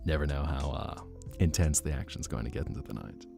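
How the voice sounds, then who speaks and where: A man's voice: a bass voice, brisk, gravelly, over music. A man streaming as a VTuber, chatting casually with his live chat in a playful, teasing way with joking mock denials.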